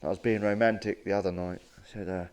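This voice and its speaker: A middle-aged man doing blunt, crude stand-up one-liners with a deadpan delivery and plenty of swearing. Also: sits low, fast talker, recorded from a distance. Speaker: stand-up comedian.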